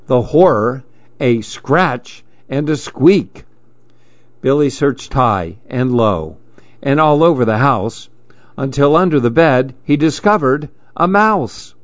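A man reads a rhyming storybook aloud, expressive and rhythmic. His pitch rises and falls in a lively way and he takes his time. The recording is dry and a little dull, lo-fi. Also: no echo.

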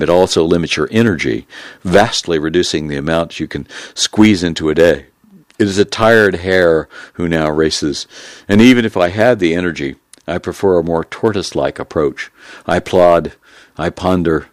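Deep-voiced man narrating a memoir. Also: dry recording. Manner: measured, reflective, unhurried.

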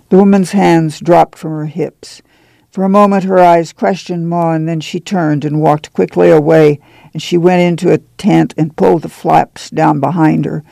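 A man narrating a novel in a measured, even storytelling manner. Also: a little high, vocal fry, no echo. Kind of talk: audiobook narration.

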